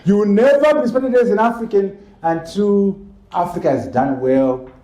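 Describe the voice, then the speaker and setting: A Zimbabwean man giving a loud, emphatic speech as an author at a book launch, driving points home with repeated rhetorical questions. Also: high voice, moderate pace. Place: event hall in Harare. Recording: echoey hall.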